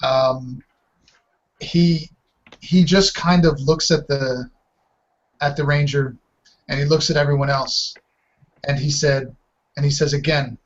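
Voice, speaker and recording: Man, game master narration, slow halting delivery, somewhat high pitch, lo-fi voice chat. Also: fairly even intonation. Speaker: dungeon master.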